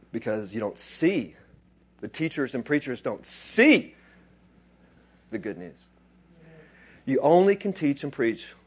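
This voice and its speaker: A man preaching a sermon, dropping to quiet asides and then rising into loud, excited bursts. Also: medium pitch, breathy edge. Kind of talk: animated sermon.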